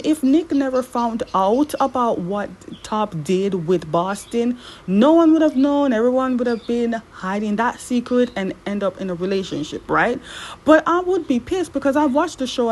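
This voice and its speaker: A woman recapping a TV drama episode in casual commentary, animated and exasperated, her voice jumping up high when worked up. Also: low-quality recording. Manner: animated, exasperated, swings up in pitch.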